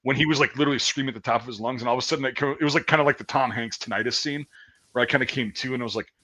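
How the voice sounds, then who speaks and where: A man's voice: medium pitch, racing, bright, forceful tone, poor audio. A man in casual chat, telling a long story in a rambling, profane way with many restarts. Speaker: guest storyteller.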